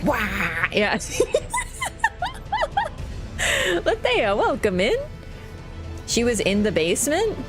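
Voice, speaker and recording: A woman's voice: high-pitched, huge pitch swings, extremely slow, long pauses, soft background music. A woman livestreaming a game, chatting casually to her viewers in a rambling, joking way that is full of swearing. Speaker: gaming livestreamer. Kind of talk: casual stream chat.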